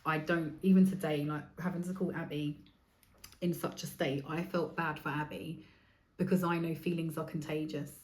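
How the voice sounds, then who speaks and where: A woman's voice: low voice, flat delivery, moderate pace, reverberant. Frank, swearing woman in her forties. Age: 40s. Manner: rambling, frank and heavy with swearing. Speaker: podcast host. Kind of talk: candid solo podcast monologue.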